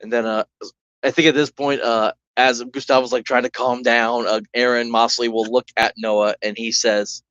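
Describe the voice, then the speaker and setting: A man's voice: mid-range voice, little pitch movement, moderate pace, fairly bright tone, no echo, muffled recording. Chatty man narrating a solo game. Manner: rambling, chatty, with restarts and asides. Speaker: solo tabletop game player and streamer.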